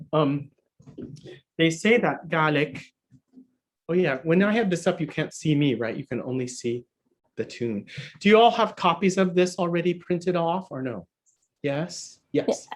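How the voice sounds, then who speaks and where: A man's voice: a little high, lively intonation, unhurried, long pauses. A man teaching a harp lesson over a video call, chatty and laughing often as he explains. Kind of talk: online workshop lesson.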